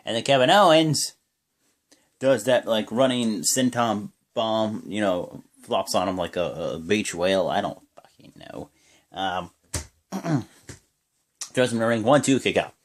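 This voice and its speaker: A man's voice: on the low side, unhurried, long pauses. Young man rambling through a wrestling recap. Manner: rambling play-by-play, many fillers, bursts of excitement. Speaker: wrestling reaction vlogger. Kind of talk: casual recap of a wrestling show.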